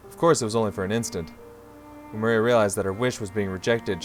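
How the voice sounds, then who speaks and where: A young man streaming a story game, reading narration aloud and breaking into loud, profane reactions. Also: on the low side, steady tone, fast, soft background music. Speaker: gaming streamer.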